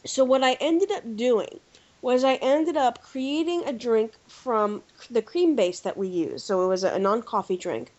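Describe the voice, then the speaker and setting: A woman from the United States hosts a casual podcast, spinning an anecdote with animated delivery and plenty of fillers. Her voice sits fairly high. The recording is dull and lo-fi. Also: measured pace. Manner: animated storyteller, lively filler-heavy delivery. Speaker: podcast host. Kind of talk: casual chat, anecdote telling.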